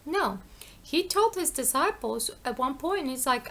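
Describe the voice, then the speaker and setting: A woman's voice: high voice, lively intonation, unhurried, a bit bright. A woman preaching an informal sermon, emphatic and conversational, asking questions and answering them herself and repeating phrases for effect.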